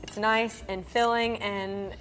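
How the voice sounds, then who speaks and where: A woman appearing as a restaurant owner guest on a cooking show, speaking quietly and agreeably. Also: mid-range voice, level tone, takes it slowly, low-quality recording.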